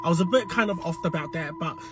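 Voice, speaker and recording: A young man in his twenties recounts a creepy school memory, loose and rambling, dropping fillers and curse words as he goes. His voice sits a little high for a man. Loud music plays over the recording. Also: fast. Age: 20s. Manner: loose, swearing, lots of fillers. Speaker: storyteller. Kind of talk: casual storytime. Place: dark room.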